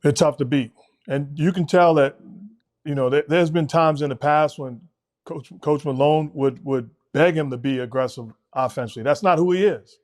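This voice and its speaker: Measured man breaking down basketball. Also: a little high. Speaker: podcast co-host, basketball analyst. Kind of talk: casual sports talk.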